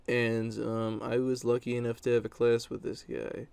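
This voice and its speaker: A young man tells a story from his school days to the camera in a loose, casual monologue. His voice sits at an everyday pitch with a noticeable gravelly fry. He talks bluntly, with lots of fillers and the odd crude word. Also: completely flat delivery, normal speed, a little mellow.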